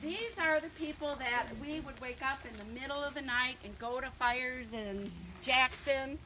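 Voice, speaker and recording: A woman's voice: high-pitched, moderate pace, bright, forceful tone. Older lady talking at her book party, kinda nervous, lots of ums, noisy room behind her. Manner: chatty and nervous, with frequent um and laughs. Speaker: author giving a book launch speech. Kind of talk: casual speech to a party audience.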